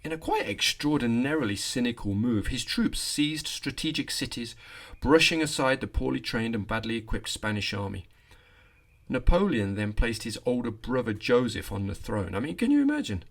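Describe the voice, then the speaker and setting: A male history podcast host telling a scripted war story. His voice sits on the lower side, and he livens the reading with dry little asides. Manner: lively storytelling with wry asides.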